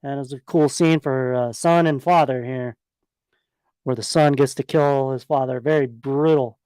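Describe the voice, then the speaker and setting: A man's voice: medium pitch, fairly even intonation, normal speed, darkish tone, clean tone, no room sound. A man hosting a podcast, giving a loose, profane, rambling play-by-play of a horror movie. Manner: casual, profane, rambling with fillers. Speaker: podcast host. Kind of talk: casual movie retrospective commentary.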